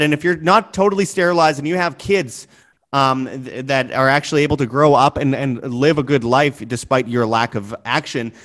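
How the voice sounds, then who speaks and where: Preachy, forceful male show host. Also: on the high side. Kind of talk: impassioned commentary.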